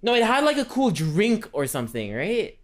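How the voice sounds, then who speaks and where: A man's voice: high-pitched, wildly swooping pitch, normal speed. A man chatting casually on a cooking livestream, rambling with many fillers and calling himself by name in the third person. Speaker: streamer.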